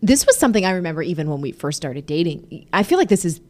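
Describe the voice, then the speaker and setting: This podcast host, a woman in her thirties, talks fast in a lowish voice. She chats casually with her husband, animated, laughing often and using plenty of fillers.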